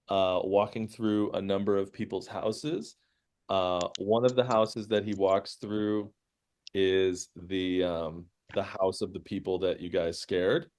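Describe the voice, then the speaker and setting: A man's voice: fairly low pitch, darkish tone, clear, resonant tone. A man running a tabletop game as game master, narrating loosely with many fillers.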